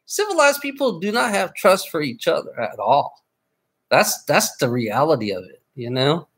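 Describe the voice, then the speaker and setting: Angry livestreamer guy, slightly high voice, profane, stammering rant. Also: very animated, normal speed, a bit bright, slightly rough. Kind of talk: casual live stream rant.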